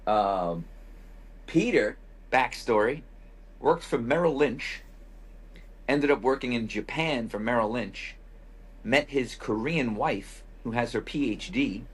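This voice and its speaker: This podcast host talks slowly, leaving long pauses, yet stays animated as he tells a loose, profane travel anecdote. His husky voice is mid-range, and the telling is casual and wry, with many quoted asides.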